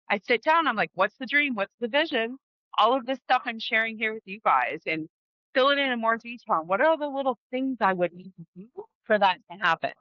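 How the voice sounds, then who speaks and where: A woman's voice: mid-range voice, no room sound, highs cut off. A middle-aged woman hosting her own vlog, reflecting candidly and casually, with frequent swearing. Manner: casual, frank, swears freely. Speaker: host.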